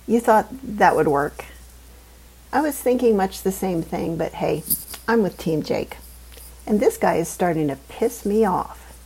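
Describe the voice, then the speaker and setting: A woman reading a first-person novel aloud in a wry, deadpan, humorous way. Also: medium pitch, moderate pace, creaky, breathy edge, poor audio. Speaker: audiobook narrator. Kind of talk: first-person scripted narration.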